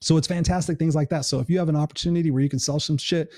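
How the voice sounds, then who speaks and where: A middle-aged man hosting a live stream talks quickly, earnest and encouraging, with casual swearing. His voice sits a bit high but sounds dark and mellow, and his tone stays steady. The sound is dry and close, with no room sound.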